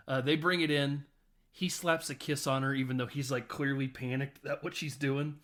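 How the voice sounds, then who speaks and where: A man hosting a podcast, retelling a film in a casual, laughing way with frequent swearing and quick voiced quotes. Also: medium pitch, steady tone, fairly bright tone. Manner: swears freely, laughs often. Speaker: podcast host.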